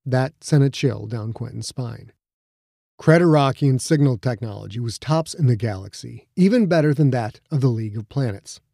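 A man reading an audiobook in a steady, measured storytelling voice on a close studio mic. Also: mid-range voice, vocal fry, no echo. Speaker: audiobook narrator. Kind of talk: scripted narration.

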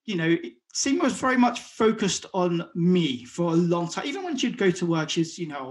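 A man, a guest talking openly in an interview, often repeating and restarting words and acting out what others said. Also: a little high. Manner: halting, repeats words, acts out quotes. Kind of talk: conversational interview.

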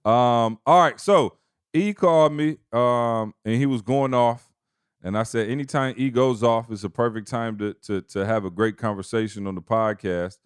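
A man co-hosting a casual podcast, talking in a relaxed, rambling way with laid-back slang. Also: medium pitch, moderate pace, clear, resonant tone, no echo, clean studio sound. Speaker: podcast co-host.

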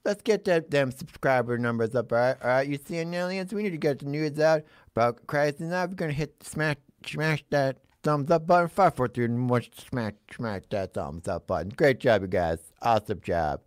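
A man hosting a playful live stream with jokey, energetic banter. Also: mid-range voice, moderate pace, few pauses, no room sound, studio quality. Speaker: host.

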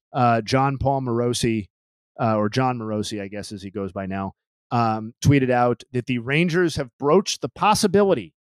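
A man's voice: medium pitch, no echo. A man hosting a casual baseball podcast, talking through news with lots of ums and dry humor. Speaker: podcast host. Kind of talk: casual sports chat.

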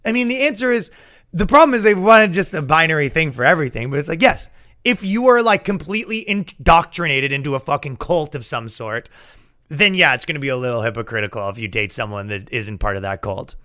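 A man hosting a podcast, riffing in a profane, animated comedic rant. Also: on the high side, brisk. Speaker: podcast host.

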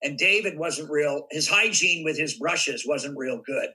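A man in casual interview chat, spinning lively anecdotes and slipping into voices to act them out. His voice is very bright and forward, with a husky edge, pitched a little above most men. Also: unhurried, low-quality recording. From United States. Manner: animated raconteur, acts out voices in anecdotes. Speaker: guest actor.

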